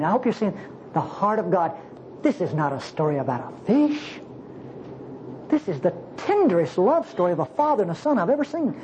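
A woman preaching a sermon in an animated, conversational way, asking the congregation questions. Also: mid-range voice, highs cut off, slight background noise.

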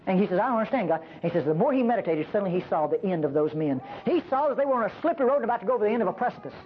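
Woman preacher, sermon, lively rising and falling pitch, emphatic, rhetorical questions, slightly dull recording. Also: racing, a little hiss or hum. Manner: animated, emphatic, asks the audience rhetorical questions.

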